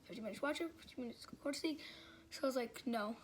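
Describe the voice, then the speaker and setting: A woman's voice: fairly high pitch, fast talker, slight background noise. A woman vlogger telling a casual story, rambling and filling it with "like" and "um". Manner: rambling, filler-heavy storytelling with frequent "like".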